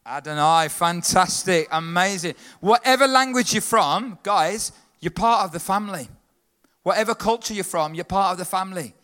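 A man leading a lively church talk, calling out to the congregation and getting them to answer back. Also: high voice, normal speed. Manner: upbeat, leads the congregation in call-and-response. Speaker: children's worker leading a church service.

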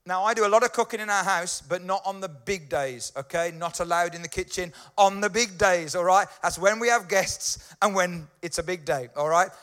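Chatty pastor, bright higher voice. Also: male voice, moderate pace, hardly any pauses. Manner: chatty, keeps checking in with listeners. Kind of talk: conversational sermon.

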